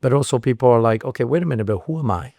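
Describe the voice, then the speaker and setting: A man's voice: medium pitch, racing, dark tone, no echo, studio quality. A middle-aged man from France with a French accent, chatting as an interview guest and telling stories with many restarts and fillers. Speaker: guest, spirits producer. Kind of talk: casual interview chat.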